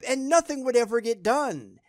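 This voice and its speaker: A man's voice: very high-pitched, lively intonation, normal speed, darkish tone, dry recording, clean studio sound. A man giving sarcastic reaction commentary, blunt and scornful in how he talks.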